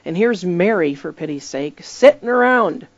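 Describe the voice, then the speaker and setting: A woman with a somewhat low voice gives a conversational sermon, telling stories with emphasis and slipping into the voices of the people she quotes. The recording sounds dull and lo-fi. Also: lively intonation, normal speed, dry recording. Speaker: preacher.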